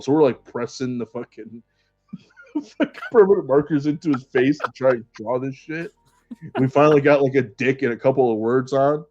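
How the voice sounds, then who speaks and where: A man's voice: medium pitch, darkish tone. A young man rambling through a party story in casual chat, swearing and laughing as he goes. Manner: rambling, profane, laughs between lines. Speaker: podcast co-host. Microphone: remote stream call. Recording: dull lo-fi stream audio.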